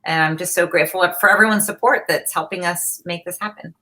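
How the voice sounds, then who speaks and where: A woman's voice: lowish voice, brisk, pushed and bright, low-quality recording. A woman festival board member giving sincere, emotional closing remarks at a Q&A.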